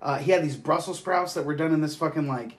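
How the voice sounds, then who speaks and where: Male podcast host, slightly high voice, loose profane storyteller. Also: fast. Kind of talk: casual chat.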